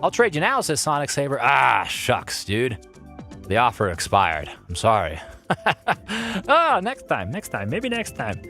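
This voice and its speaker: A man streaming a kart racing game live, commenting playfully and excitably while chatting with his viewers. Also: mid-range voice, unhurried, faint music behind.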